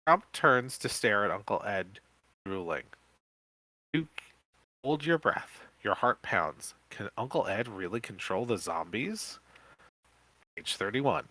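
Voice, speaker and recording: A man co-hosting a podcast, reading an interactive horror book aloud live with quick self-corrections. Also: fairly low pitch, animated, pushed and bright, no echo. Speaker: podcast co-host.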